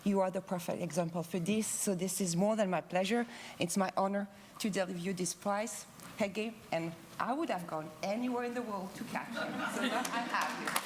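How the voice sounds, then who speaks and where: At a conference, a co-convener hands out an academic award with a joking speech, her medium-pitched voice playful and teasing as she speaks quickly in bursts. A crowd can be heard behind her, along with background noise.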